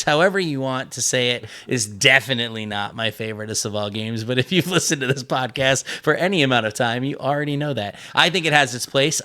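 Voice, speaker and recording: A man's voice: medium pitch, sharp tone, smooth. A man hosting a podcast in casual conversation, rambling and self-deprecating, often laughing at himself. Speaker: podcast host.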